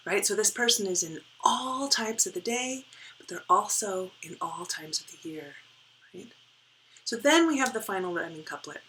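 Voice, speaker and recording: A woman teaching a poetry lesson, explaining step by step and often checking in with "right?", dropping to a soft whisper as she reads lines aloud. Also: mid-range voice, expressive, normal speed, slight background noise, poor audio. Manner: drops to a soft whisper while reading and counting. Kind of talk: poetry lesson with board work.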